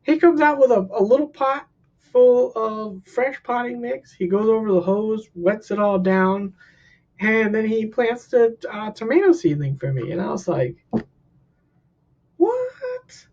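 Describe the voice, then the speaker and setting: Man, counselor, casual storytelling, animated, husky voice, dull lo-fi sound. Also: moderate pace. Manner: animated, acts out quotes with big pitch jumps. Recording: dull lo-fi recording.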